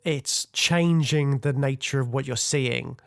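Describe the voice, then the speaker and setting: Gravelly-voiced man chatting about films. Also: mid-range voice, slow pace. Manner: rambling, hedging with fillers. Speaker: podcast co-host. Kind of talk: casual film discussion.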